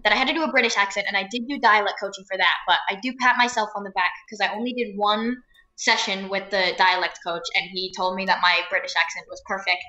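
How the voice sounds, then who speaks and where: A woman's voice: mid-range voice, fairly even intonation, quick pace, sharp tone, roomy sound, dull audio. A young actress from New Jersey, chatting in an interview, laughing often and filling her talk with "like" and "um". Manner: chatty, laughing, many fillers like "like" and "um". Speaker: actress guest. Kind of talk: casual interview chat.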